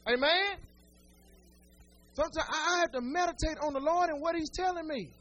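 A man's voice: very high-pitched, moderate pace, sharp tone, dull audio, soft background music. A male pastor preaching a sermon, speaking right to his congregation with folksy humor and repeated, building phrases.

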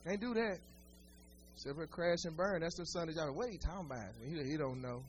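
A man's voice: a little high, a little fast, soft background music. A male pastor preaching a sermon, speaking right to his congregation with folksy humor and repeated, building phrases.

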